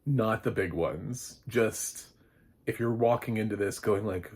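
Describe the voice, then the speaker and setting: Low, slightly husky male film reviewer; loose, chatty delivery with plenty of fillers. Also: measured pace, a little mellow. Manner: rambling and chatty, with many fillers and light laughs. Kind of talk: casual spoken movie review.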